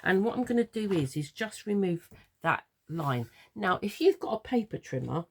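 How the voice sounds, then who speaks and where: A woman's voice: mid-range voice, expressive, normal speed, a little mellow, breathy edge. An English woman with a chatty, rambling way of talking, giving a casual craft tutorial from her craft room at home. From London. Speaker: papercraft tutor.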